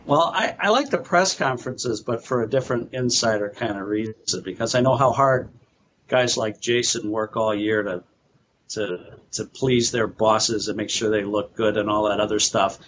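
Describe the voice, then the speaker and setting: A man's voice: fairly low pitch, moderate pace, fairly bright tone, a little hiss or hum. A man rambling through a story as a panelist in a casual chat, repeating words as he goes. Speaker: car show panelist.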